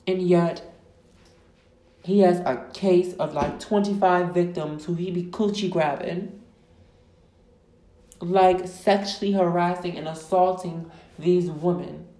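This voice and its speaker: A woman podcast host, ranting loudly and emphatically, full of profanity, with words drawn out for stress. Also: lowish voice, fairly even intonation, takes it slowly, pauses often. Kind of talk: profane casual rant. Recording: echoey room.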